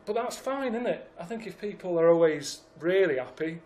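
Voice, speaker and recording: A man on a comic podcast, deadpan and grumbling as he talks. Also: high-pitched, normal speed. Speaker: podcast regular.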